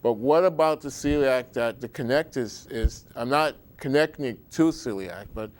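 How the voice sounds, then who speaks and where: A middle-aged man hosting a show, talking in a rambling, digressive monologue with folksy asides and frequent restarts. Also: mid-range voice.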